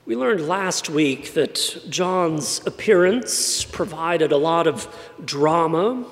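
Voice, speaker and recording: A man's voice: on the high side, lively intonation, slow pace. A man from San Antonio preaching a sermon in a wry, conversational way. His light voice is often mistaken for British. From San Antonio, Texas. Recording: long church reverb.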